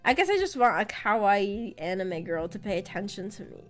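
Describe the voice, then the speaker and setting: With a sing-song, medium-pitched voice at a moderate pace, a woman VTuber chats loosely on stream, rambling, letting words fade into fillers, and laughing often. Faint music plays in the background of her streaming-mic audio.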